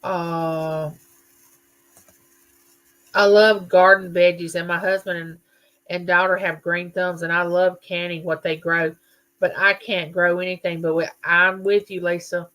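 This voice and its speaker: A woman's voice: lowish voice, level tone, measured pace, fairly bright tone. A middle-aged woman, hosting a livestream in a chatty, folksy way and reading viewer comments aloud. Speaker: livestream host. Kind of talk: casual live chat reading viewer comments.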